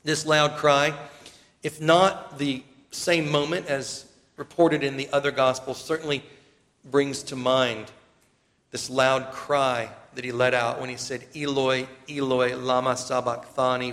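A man's voice: medium pitch, flat delivery, measured pace, fairly bright tone, big-room sound. A man preaching a sermon, reading scripture aloud and lifting his voice for the emphasized passages. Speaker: pastor.

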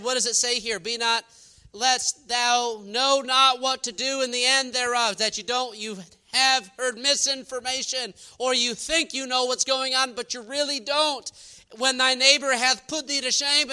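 High-pitched, sharp-toned male preacher. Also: clean tone. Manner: animated, rising to emphatic peaks; quotes scripture in old-fashioned wording. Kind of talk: sermon.

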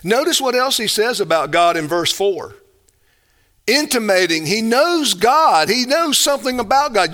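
A man preaching a sermon, emphatic and deliberate, rising to loud stresses and dropping to quiet asides. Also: sits high, sing-song.

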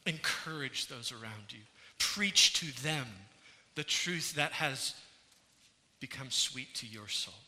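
Pastor, male, earnest sermon delivery, sharp bright tone, reverberant hall sound. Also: mid-range voice, expressive, slow pace. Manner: earnest preaching, rising and falling in intensity. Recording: church hall with long reverb.

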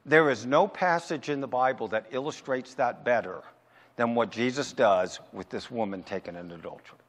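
A man preaching a sermon as pastor, asking rhetorical questions and answering them himself, slowing down to stress his points. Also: on the high side, in a large hall. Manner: emphatic, slows down to stress points.

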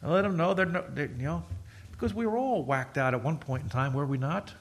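A middle-aged man preaching a sermon, talking to his congregation as if chatting with them. His voice sits a little high for a man, and he tells jokey stories, acting out the people in them. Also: fairly quick. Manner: conversational, jokey storytelling with quoted voices. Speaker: pastor.

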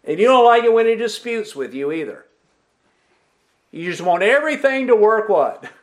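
A pastor preaching a sermon, asking the congregation questions and repeating their answers back. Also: male voice, sits high, normal speed. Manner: emphatic preaching with lively rises and drops.

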